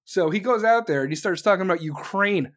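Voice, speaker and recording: A commentator delivering an angry, sarcastic political rant full of swearing, speeding up in bursts and slowing down to hit a point. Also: mid-range voice, animated. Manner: jumps between fast bursts and slow emphasis.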